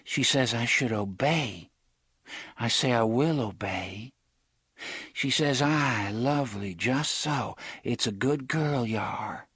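A man's voice: medium pitch, slow pace, fairly bright tone, slightly rough, dry recording, clean studio sound, pitched above the performer's own voice. A man voicing a young woman in a hypnotic trance, dreamy and lilting, sometimes like a small child.

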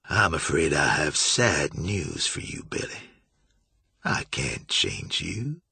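A man voicing a sophisticated, cruel male vampire, talking slowly with chilly amusement in an audiobook. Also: rumbling low, big pitch swings, pushed and bright, no echo, voice pushed down, heavily acted. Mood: cold amused. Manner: smooth, slow, chilly amusement.

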